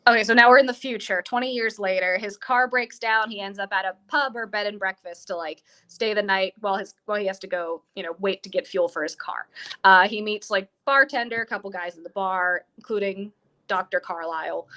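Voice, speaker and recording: A woman's voice: mid-range voice, a little fast, bright, forceful tone. A woman co-hosting a podcast, retelling a film in casual chat and voicing the characters' lines. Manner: chatty, acts out characters' lines. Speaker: podcast co-host. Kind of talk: casual movie discussion.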